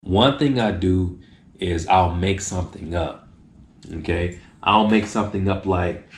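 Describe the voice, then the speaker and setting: A man with a low-sitting voice hosts a video at a measured pace, the sound reverberant. He gives casual tips straight to the camera and acts out short exchanges in changed voices.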